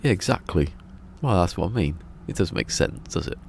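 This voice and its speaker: A man's voice: low voice, expressive, fairly quick, creaky, a little hiss or hum. An English man streaming a game live, chatting casually in a rambling way, often restarting his sentences. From England.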